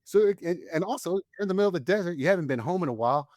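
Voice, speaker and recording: A man's voice: high voice, lively intonation, rapid-fire, a little mellow, dry recording, studio quality. A man in his forties, a Marine combat veteran, tells war stories candidly as a podcast guest, his voice climbing when he relives tense moments. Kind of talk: candid storytelling in casual conversation.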